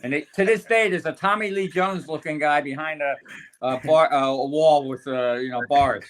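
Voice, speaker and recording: A man's voice: fairly high pitch, normal speed. An older man, a sportswriter guest, telling long anecdotes with frequent restarts and chuckles. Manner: rambling, chuckling storyteller with many restarts. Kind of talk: anecdotal podcast storytelling.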